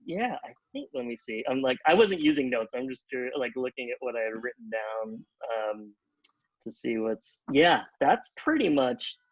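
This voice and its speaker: A man telling a long anecdote on a podcast, animated, acting out the other people in pitched-up voices and leaning on "like" as he talks. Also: moderate pace, dry recording, muffled recording. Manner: animated, acts out quotes in pitched-up voices, many "like" fillers. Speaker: podcast guest, TV comedy writer. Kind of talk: casual storytelling.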